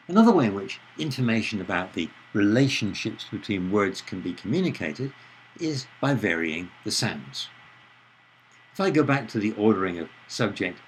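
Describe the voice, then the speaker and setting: A male lecturer with a fairly low voice that rises and falls a lot as he explains. His delivery is measured and careful, leaning on stressed words in his examples. A faint hiss sits under the recording. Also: poor audio.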